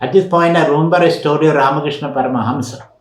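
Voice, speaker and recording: Echoey lecture by a higher-voiced man. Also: fairly even intonation, rapid-fire. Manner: emphatic teaching with rhetorical questions and recited Sanskrit verses. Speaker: swami giving a scripture lecture. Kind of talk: spiritual lecture.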